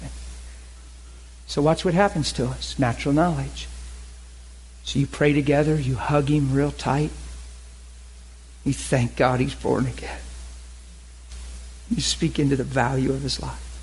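A man preaching a sermon to a group, animated, acting out characters in his stories. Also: medium pitch, a little slow, long pauses, husky, poor audio. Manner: animated, voices characters in anecdotes. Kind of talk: sermon with acted-out scenes.

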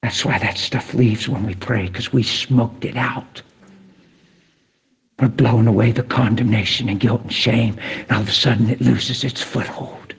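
A man preaching a sermon, telling stories dramatically, sinking to a whisper and then rising to excited peaks. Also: medium pitch, normal speed, creaky, breathy edge.

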